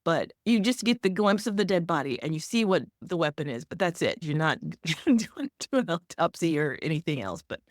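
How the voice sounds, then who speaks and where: A woman's voice: fairly low pitch, very animated, moderate pace, dry recording, studio quality. A woman co-hosting a podcast, chatting casually in a rambling, teasing way with lots of restarts. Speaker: podcast co-host. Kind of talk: casual chat.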